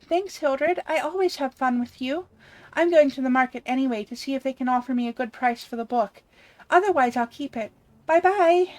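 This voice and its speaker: A woman's voice: high-pitched, moderate pace, lightly acted. A woman voicing a polite, timid young man who cannot read, reading game dialogue aloud. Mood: earnest. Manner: bright, polite, easily frightened.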